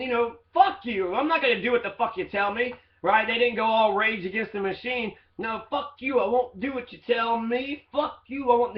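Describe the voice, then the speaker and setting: A man's voice: high voice, roomy sound, dull audio. A man in training to be a teacher talks loosely and rambles through quotes, with plenty of fillers and profanity. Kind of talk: casual monologue reading quotes.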